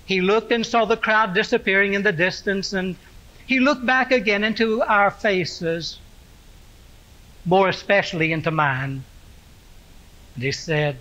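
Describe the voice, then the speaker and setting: A man with a rather high, bright voice speaks unhurriedly, recalling events as a preacher playing Simon Peter the fisherman. The telling is reflective and earnest, in the manner of a sermon monologue. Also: poor audio. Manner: slow, reflective storytelling. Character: Simon Peter, aging fisherman-apostle recalling his past. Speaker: pastor. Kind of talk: first-person character monologue as Simon Peter.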